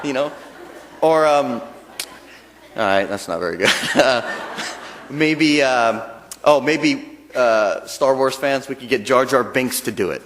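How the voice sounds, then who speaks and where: A man's voice: medium pitch, expressive, slow, long pauses, fairly bright tone, a little hiss or hum. A man giving a chatty, joking dharma talk as a temple minister. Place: temple hall. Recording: long reverb of a temple hall.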